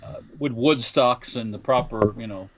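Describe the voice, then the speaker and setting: A man's voice: medium pitch, moderate pace, slight background noise. A man co-hosting a casual podcast, rambling and sarcastic, often restarting his phrases. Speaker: podcast co-host who works in a gun shop. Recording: muffled lo-fi remote audio.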